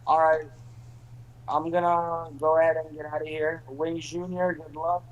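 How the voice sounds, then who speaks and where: A man speaking as a guest in a slightly higher voice, wandering through his thoughts with plenty of fillers and restarts. His tone stays casual throughout. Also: flat delivery, a little slow, lo-fi sound, slight background noise. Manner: rambling, lots of fillers. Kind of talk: casual chat.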